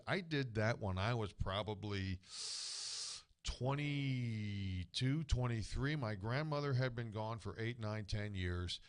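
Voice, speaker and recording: A middle-aged man, a guest on a radio show, telling family stories in a rambling, casual way with many restarts. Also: lowish voice.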